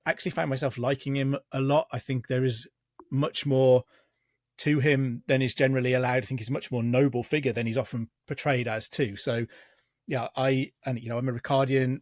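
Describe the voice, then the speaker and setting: A man, a historian guest, calmly telling history in a podcast chat with frequent restarts. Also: mid-range voice, dry recording, clean studio sound. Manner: measured storytelling with frequent restarts. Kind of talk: casual podcast explanation of history.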